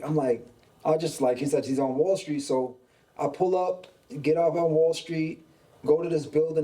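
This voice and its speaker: Animated new guy telling stories. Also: on the high side, distant mic, poor audio. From Brooklyn, New York. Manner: animated, acts out quoted dialogue. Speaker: podcast host. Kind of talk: casual storytelling.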